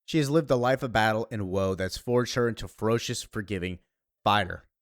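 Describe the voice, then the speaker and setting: A man's voice: on the low side, a little fast, no echo, natural voice. Guy reading as a prim wordy young girl narrator, comic book read-aloud, dry sound. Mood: stern. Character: young girl narrator, formal and sharp-tongued.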